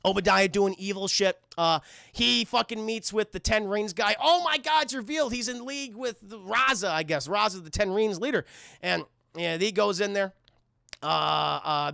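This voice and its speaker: A man with a New York accent giving a rapid, profane, animated film recap to his livestream chat. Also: sits high, gravelly, no echo, clean studio sound. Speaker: film review streamer.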